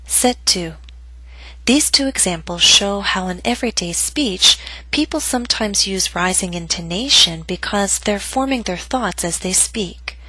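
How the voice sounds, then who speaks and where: A woman's voice: mid-range voice, animated, measured pace, bright, forceful tone, no room sound, low-quality recording. A woman giving a scripted pronunciation lesson, speaking patiently and articulating carefully. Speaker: pronunciation teacher. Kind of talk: scripted instructional narration.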